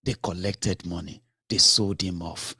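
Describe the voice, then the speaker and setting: A man's voice: low voice, steady tone, unhurried, gravelly, pushed and bright, husky, no echo, studio quality. A man giving impassioned political commentary, breaking into exasperated outbursts, repeating himself and restarting his sentences. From Nigeria.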